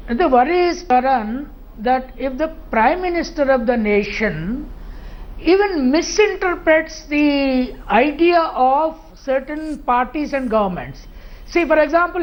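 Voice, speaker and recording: Very high-voiced, forceful panelist. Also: female voice, rough recording. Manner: forceful and argumentative, starts points with "see". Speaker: political debate guest. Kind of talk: arguing a point on a televised panel.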